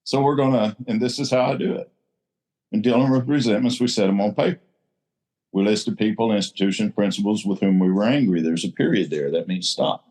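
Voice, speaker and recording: A man's voice: lowish voice, a little fast, a little mellow. A man giving a blunt, salty talk at a recovery group meeting, leaning into his points like a preacher.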